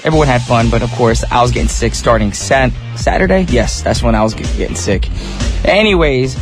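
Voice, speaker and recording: Broadcasting live from a studio, a male radio host chats cheerfully with listeners even though he's a bit under the weather, which makes his voice sound deeper than normal.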